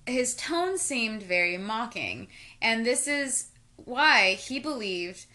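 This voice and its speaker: A woman's voice: on the high side, big pitch swings, takes it slowly, sharp tone. A woman co-hosting a casual chat, jokey and sarcastic, reading out details and adding her own asides. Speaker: podcast co-host. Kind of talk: casual true-crime chat over wine.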